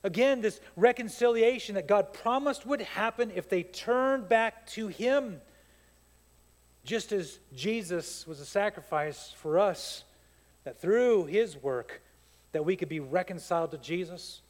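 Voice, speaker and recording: A man preaching a sermon as pastor, telling stories in an animated way that builds to fired-up peaks. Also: sits high, a little slow. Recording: long hall reverb.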